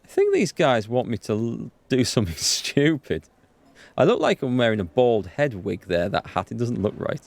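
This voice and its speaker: A man hosting a let's play, reading the game's dialogue aloud with quick asides to viewers. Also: vocal fry. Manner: reads dialogue aloud with quick asides, jumps in pitch when excited. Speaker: gaming channel host.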